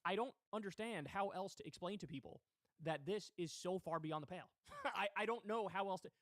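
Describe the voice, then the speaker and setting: A man's voice: sits high, a little fast, fairly bright tone, no room sound, clean studio sound. A man hosting a political commentary livestream, talking in a heated, indignant way with swearing. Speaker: livestream host.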